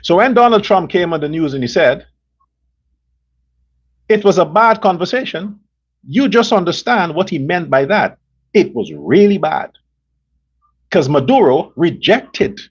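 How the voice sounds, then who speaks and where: A man's voice: high-pitched, slightly rough, muffled recording. A man hosting his own show, giving blunt, opinionated political commentary and acting out imagined phone calls between leaders. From Guyana. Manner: blunt, animated, plays out imagined dialogue. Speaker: show host.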